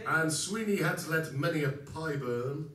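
Male folk singer, slightly higher voice, playful theatrical storyteller, recorded from the back of a reverberant hall. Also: a bit bright, slight background noise. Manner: theatrical, playful, drawn-out singing. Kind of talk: live comic folk song with spoken patter. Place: live concert in a hall. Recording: echoey hall from far off with audience.

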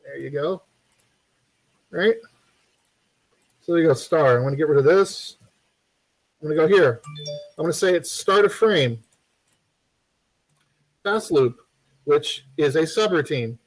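A man's voice: on the high side, animated, a little slow, pauses often, rough recording. A man giving a casual live-streamed game development tutorial, rambling and chatty with plenty of fillers and joking asides.

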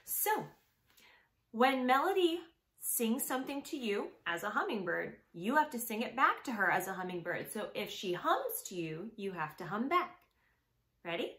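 Preschool music teacher, young woman, bouncy and highly animated, asks the kids and answers herself. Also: roomy sound. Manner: slow, exaggerated, questioning children and answering for them. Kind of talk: sing-song lesson for small children. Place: home room.

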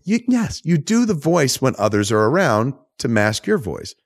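A man hosting a podcast, recapping a film in a loose, profane, animated storytelling way. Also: medium pitch, moderate pace, breathy edge. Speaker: podcast host. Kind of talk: casual movie recap chat.

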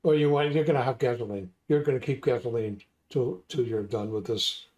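A man's voice: medium pitch, brisk, darkish tone, lo-fi sound. A man hosting a casual chat, rambling and thinking aloud as he talks. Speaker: host.

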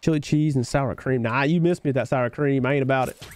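A man's voice: mid-range voice, fast talker, darkish tone. A young man with a Southern US country twang who does laid-back, slangy live gameplay commentary, reading chat aloud and answering viewers. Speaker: game streamer.

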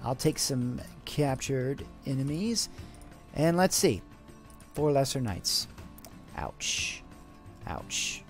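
A man's voice: medium pitch, slow, faint music behind. A man hosting a let's play, commenting on his game with light roleplay and giving orders to his troops. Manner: animated, excitable, gives orders to troops. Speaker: gaming channel host.

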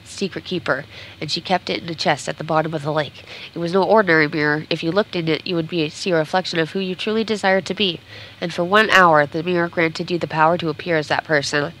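A woman's voice: lowish voice, fairly even intonation, quick pace, fairly bright tone, slight background noise, rough recording. A woman game streamer reading a storybook aloud during a playthrough, sometimes stumbling and correcting herself.

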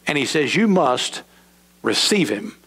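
A middle-aged man preaching a sermon in a church, swinging between high emphatic lines and low, slow drops. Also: sing-song, gravelly, a bit bright, slightly rough. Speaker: pastor. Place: church sanctuary.

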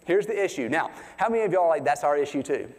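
A man preaches with a lively pitch that rises and falls as he talks. His voice sits a bit high for a man, and it rings out with the long reverb of a large church hall. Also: fast. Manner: conversational, animated preaching with questions to the congregation. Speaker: pastor. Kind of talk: sermon. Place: church sanctuary.

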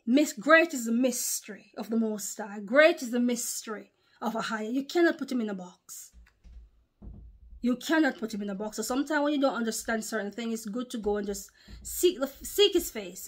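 A woman preaching a sermon to her video audience. She talks emphatically, repeats herself, and pauses to recollect. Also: fairly high pitch, animated.

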